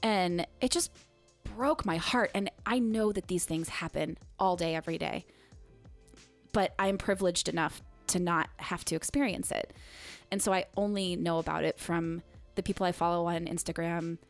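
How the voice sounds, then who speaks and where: A woman in casual podcast chat, telling a story with animated quoted voices and frequent laughs. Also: lowish voice, moderate pace, faint music behind.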